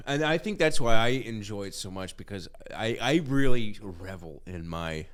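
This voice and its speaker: A man's voice: fairly low pitch, expressive, moderate pace, clean tone. A man co-hosting a casual podcast chat, rambling, swearing and laughing often. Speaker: podcast co-host.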